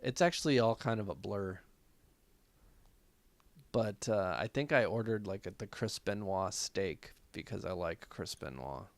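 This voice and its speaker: A man co-hosting a podcast, chatting casually with dry, deadpan remarks. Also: lowish voice, measured pace, no echo. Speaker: podcast co-host. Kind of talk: casual chat.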